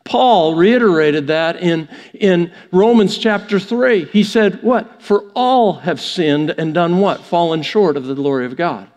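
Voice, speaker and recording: A man's voice: high voice, measured pace, few pauses, darkish tone. A man preaching a conversational sermon in a church, often restarting his phrases. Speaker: pastor. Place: church sanctuary. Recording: long church reverb.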